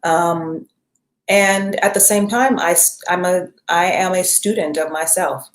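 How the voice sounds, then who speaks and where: A woman's voice: lowish voice, a little slow. A woman coaching her viewers in a casual live-stream talk, chatty and rambling as she reads out viewer names. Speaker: self-care and business coach. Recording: roomy echo.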